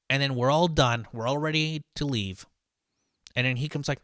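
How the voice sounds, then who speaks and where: A man's voice: on the low side, unhurried, dry recording. Brief: line cook, male, casual profane storyteller, dry recording. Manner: profane, venting, animated.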